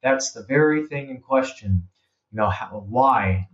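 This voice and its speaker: A man's voice: mid-range voice, expressive, a little slow. A man, a guest author, explaining his arguments earnestly and returning to the same key points. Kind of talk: casual conversation. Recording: slightly muffled sound.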